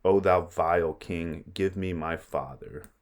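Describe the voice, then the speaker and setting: A man's voice: deep voice, measured pace. A man reading a furious young avenger. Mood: angry. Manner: plain reading aloud. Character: furious young nobleman bent on revenge. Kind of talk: reading a play aloud.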